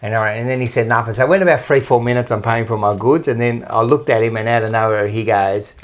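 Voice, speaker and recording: A man's voice: medium pitch, fast talker. A man co-hosts a loose, casual podcast chat. He rambles through anecdotes and swears freely as he goes. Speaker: podcast co-host.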